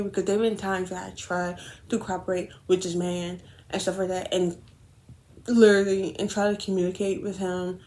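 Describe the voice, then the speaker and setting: Her voice sitting on the low side, a young woman does her makeup as she spins an animated, meandering story, cursing often and fixing her own mistakes mid-sentence.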